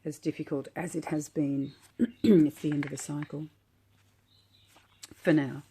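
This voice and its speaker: A woman calmly unboxing a tarot deck while sitting on her floor, gushing and admiring each card at an unhurried pace. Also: sits low, slight background noise. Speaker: tarot vlogger. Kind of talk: relaxed unboxing commentary.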